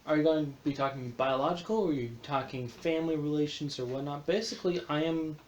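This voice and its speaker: A man's voice: a little high, steady tone, fast talker, a little mellow, lo-fi sound. A young man chatting frankly on a podcast, rambling and swearing casually. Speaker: podcast host. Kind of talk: casual chat.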